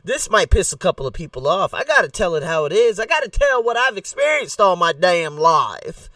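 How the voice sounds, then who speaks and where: A man hosting his own solo podcast, ranting in a blunt, animated way. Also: sits high, brisk, dry recording, studio quality, distant mic. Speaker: podcast host. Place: Bangkok.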